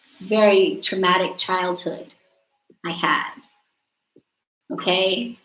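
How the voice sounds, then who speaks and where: A woman in her thirties hosts a casual live stream, chatty and joking and quick to laugh at herself. She talks in an unhurried, drawn-out way. Her voice rings with a roomy echo. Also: fairly low pitch, fairly even intonation, a bit bright. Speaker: host of a live witchcraft coaching stream.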